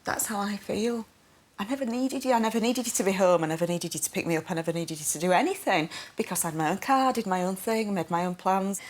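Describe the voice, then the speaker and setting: A woman's voice: medium pitch, fast. A mother in a counselling session, crying as she speaks to her husband in a tearful, pleading and reproachful way. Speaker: mother in family therapy. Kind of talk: emotional confrontation in counselling.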